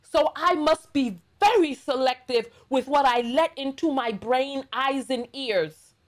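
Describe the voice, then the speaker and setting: With a high-pitched voice and a slightly slow pace, a woman with a New York accent hosts a casual commentary vlog. She's blunt and sarcastic, scolding her viewers.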